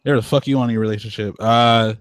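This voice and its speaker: A man's voice: mid-range voice, steady tone, rapid-fire, clean tone, no echo. A young man co-hosting a podcast, chatting loosely, swearing and laughing often. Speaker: podcast co-host. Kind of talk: casual chat.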